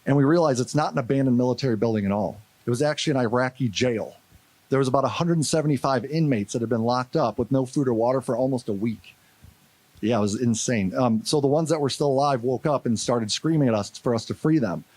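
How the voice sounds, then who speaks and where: A man's voice: medium pitch, fast talker, dry recording. A man from St. Louis speaking at a conference, telling a story with energy and acting out the voices of the people in it. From St. Louis, USA. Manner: animated, acts out quotes. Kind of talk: storytelling keynote talk.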